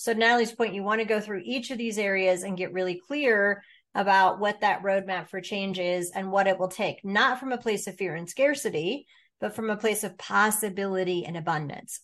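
A woman leading a business coaching workshop over a video call. She talks with energy and keeps acting out inner voices as playful little quotes. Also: medium pitch.

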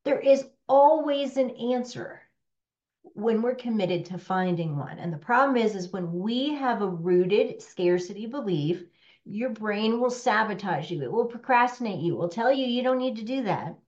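A woman business coach talking to a workshop room, animated and conversational, often checking in with "right?". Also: on the high side, normal speed, dull audio.

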